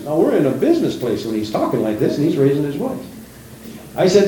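A man's voice: fairly high pitch, very animated, fairly quick, warm tone, far from the mic, a little hiss or hum. A middle-aged male preacher delivering a sermon in a church, preaching with rising emphasis and acting out the voices of people he quotes. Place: church sanctuary. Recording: very echoey church room.

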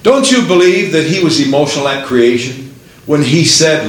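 High-voiced preacher in an echoey church. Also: male voice, expressive, moderate pace. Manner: rhetorical questions, emphatic preaching cadence. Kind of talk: sermon.

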